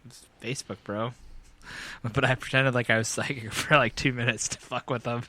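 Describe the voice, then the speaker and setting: A man's voice: medium pitch, steady tone, normal speed, sharp tone. A man hosting a podcast, telling stories in a casual, profane way, laughing often and acting out both sides of conversations. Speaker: podcast host. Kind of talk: casual chat, storytelling. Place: podcast studio.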